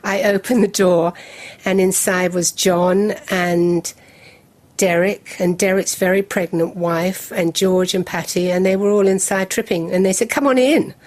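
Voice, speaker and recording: Brief: older English-born woman, fairly low voice, lively storyteller. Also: unhurried. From England. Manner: lively anecdotal storytelling with laughs. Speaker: guest. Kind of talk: storytelling interview.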